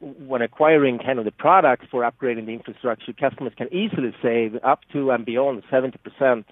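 A man's voice: mid-range voice, fairly quick, no room sound. A man with a Swedish accent, a product marketing guest, explaining earnestly with many restarts and fillers. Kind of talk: explanatory interview answers. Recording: tinny phone-like line, dry.

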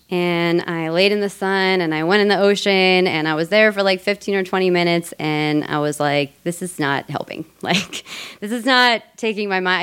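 A woman's voice: fairly low pitch, clean tone. A woman from Colorado telling a personal story on stage, chatty and casual, laughing often. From Colorado, USA. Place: theater stage before a live audience.

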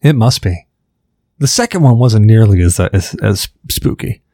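A man's voice: on the low side, expressive, moderate pace, mellow, dry recording, clean studio sound. A man co-hosting a gaming podcast, rambling in casual chat and often stumbling over restarted words. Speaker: podcast co-host.

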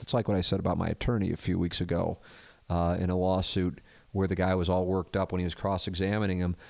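A middle-aged man with a very low voice talks calmly through his podcast, measured and conversational. The sound is dry and close, with no room around it. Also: no echo. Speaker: podcast host. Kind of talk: casual solo talk and live read.

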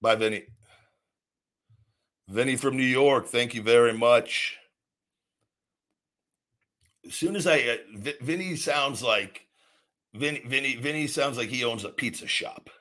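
A man's voice: mid-range voice, normal speed, a bit bright. A man hosting a call-in show, telling stories bluntly and swearing freely. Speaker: podcast host taking callers. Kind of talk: casual profane storytelling.

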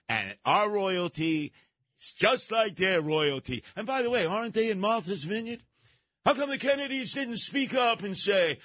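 A man hosting a talk radio show in a sarcastic, animated manner, slipping into mocking voices. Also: on the high side, no echo.

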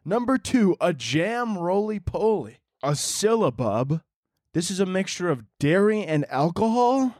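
Rambling, profane young podcast host. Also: male voice, on the high side, expressive, normal speed, dry recording, clean studio sound. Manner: rambling, profane, self-mocking, laughs often. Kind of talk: casual comedic podcast monologue.

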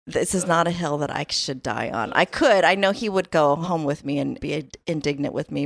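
Female co-host, lively swooping pitch, casual storyteller who acts out quotes. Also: fairly quick, vocal fry, hardly any pauses. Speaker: podcast co-host.

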